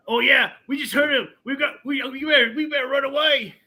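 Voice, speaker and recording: A man's voice: extremely high pitch, fairly even intonation, brisk, few pauses, bright, forceful tone, rough recording. A man playing a tabletop game, speaking in a cheeky, playful way in character. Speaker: player. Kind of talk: tabletop role-play chat.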